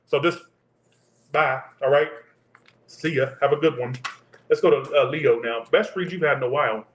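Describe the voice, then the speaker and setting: A man with a drawl reads tarot cards live in loose, profane, teasing banter, at a middling pitch for a man. His voice rings with a roomy echo. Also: moderate pace, a bit bright. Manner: crude, joking, profane banter. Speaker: tarot reader. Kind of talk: live tarot reading chat.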